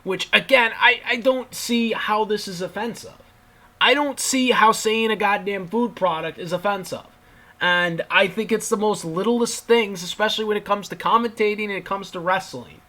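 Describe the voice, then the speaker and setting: A young YouTube commentator rants about wrestling in a high, pushed, bright voice at a moderate pace. He sounds exasperated and casual, swearing often and restarting his sentences.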